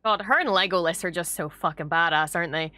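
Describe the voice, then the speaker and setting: A young Irish woman hosting a reaction video, chatting casually and gushing excitedly with frequent swearing. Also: lowish voice, fast talker.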